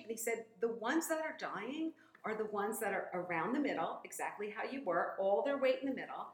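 A woman's voice: mid-range voice, lively intonation, a little fast. Emotional, rambling woman in an echoey room. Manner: rambling, emotional, laughs often. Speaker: guest, gym member sharing her story. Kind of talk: casual emotional chat. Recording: roomy echo.

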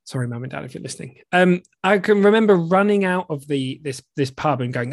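A man's voice: on the high side, brisk, few pauses, no echo, clean studio sound. A man from the UK co-hosting a podcast, telling stories in casual chat with frequent laughs. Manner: chatty, laughing, animated storytelling. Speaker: podcast co-host.

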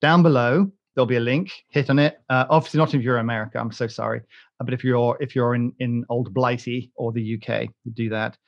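A British man hosts a casual podcast chat at a middling pitch, rambling and joking as he restarts his sentences. His voice comes through a dull, lo-fi recording with the top end rolled off. He keeps an easygoing, chatty rhythm. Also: fairly even intonation, a little fast, gravelly. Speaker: podcast host.

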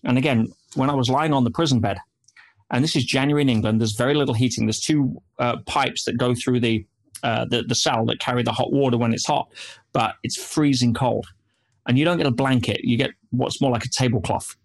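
A man's voice: medium pitch, steady tone, a little fast. A man speaking as an interview guest, telling stories animatedly and dropping in frequent "yeah"s and "you know"s. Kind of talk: interview storytelling.

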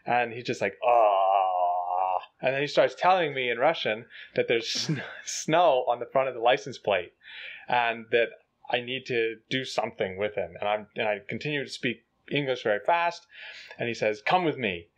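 Animated male co-host, casual storyteller, slightly muffled recording. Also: medium pitch, moderate pace. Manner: animated, acts out voices in quotes. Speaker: co-host telling a travel story. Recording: slightly dull lo-fi audio.

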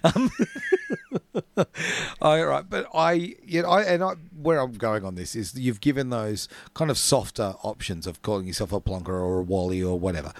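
A man hosting a radio show in casual chat, jokey and quick to laugh, calling his guest "mate". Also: fairly low pitch. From Australia. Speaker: radio host. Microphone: studio microphone.

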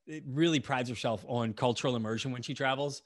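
A man's voice: mid-range voice, a little fast. A man from the United States hosting a casual podcast interview, talking in a chatty, rambling way with many restarts. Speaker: podcast host.

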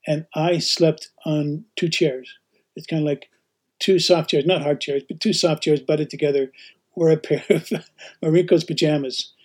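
Husky, slightly high-voiced male host recounting travel stories with frequent laughter. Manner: animated, laughs often while telling stories. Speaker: podcast host and teacher. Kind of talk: casual storytelling.

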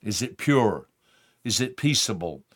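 A man's voice: lowish voice, very animated, unhurried, fairly bright tone. A middle-aged man hosting, giving an earnest motivational talk full of stories and pleading emphasis. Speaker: speaker and host.

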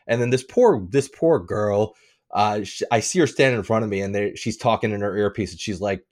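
A man co-hosting a podcast, telling a story in a casual, animated way, swearing and getting worked up. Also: a little fast. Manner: animated storytelling, swearing, rising in pitch when riled. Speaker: podcast co-host. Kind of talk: casual chat.

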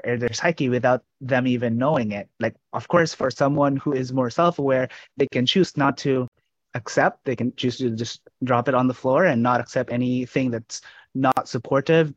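A man's voice: medium pitch, no echo, muffled recording. A man hosting a podcast, speaking earnestly and thoughtfully to his guest and listeners. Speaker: podcast host. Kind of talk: podcast interview.

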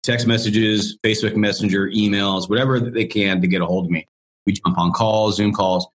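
Low-voiced chatty man telling a story. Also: fairly even intonation, moderate pace. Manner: rambling, chatty, with many restarts and "you know". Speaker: guest, business coach. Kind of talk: casual storytelling in an interview.

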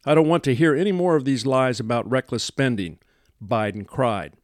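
A man from the American Midwest hosts a news commentary podcast, folksy and emphatic, often pausing on "uh". His voice sits in a middle register and is recorded dry and close, with no room sound. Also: mid-range voice, no echo. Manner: folksy, emphatic, frequent "uh" fillers. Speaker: podcast host.

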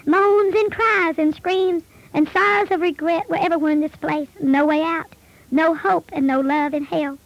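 A woman's voice: very high voice, fairly even intonation, moderate pace, no room sound, muffled recording. A woman preaching a testimony in an earnest, pleading, solemn manner. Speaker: preacher recounting a vision.

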